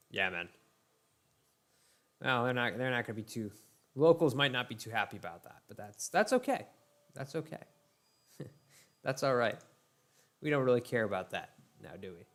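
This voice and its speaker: A young man casually commentating his own strategy game playthrough for viewers, chatty and laid-back, talking to them as ladies and gentlemen. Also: mid-range voice, sing-song, normal speed, long pauses. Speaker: let's play host.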